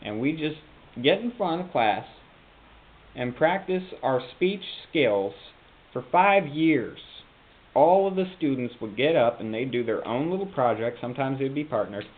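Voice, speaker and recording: A young man vlogging in a rambling, halting monologue, slipping into a put-on Southern drawl. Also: mid-range voice, expressive. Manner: meandering, self-interrupting, halting. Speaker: YouTube vlogger. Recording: phone-like lo-fi with faint hiss.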